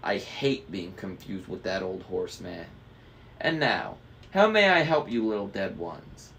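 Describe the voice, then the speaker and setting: A man voicing a smooth, greedy ferryman of the dead who poses as a guard, in a put-on British-ish foreign accent, sweetly cold and drawing out his words. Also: sits low, sing-song, a little slow, fairly bright tone, slight background noise, exaggerated voice. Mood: smooth, mocking.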